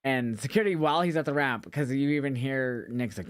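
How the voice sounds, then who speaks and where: Animated man recapping wrestling, swearing freely. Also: mid-range voice, fairly quick, clean tone, no room sound, clean studio sound. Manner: animated storytelling, swears often, acts out quotes. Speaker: wrestling podcast co-host. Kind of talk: casual chat recapping wrestling shows.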